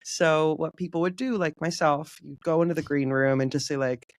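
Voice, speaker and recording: A man's voice: on the high side, fairly even intonation, normal speed, dry recording, clean studio sound. A man answering interview questions in a casual, chatty way, often saying "like" and acting out bits of remembered dialogue. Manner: chatty, heavy use of "like", acts out quoted dialogue. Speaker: podcast guest, community manager.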